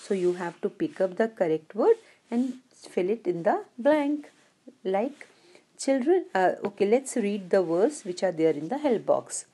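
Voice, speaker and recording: A woman teaching a lesson to young children, speaking slowly, clearly and patiently. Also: mid-range voice, sing-song, warm tone. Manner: slow, clear, patient, addresses children fondly. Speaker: English teacher.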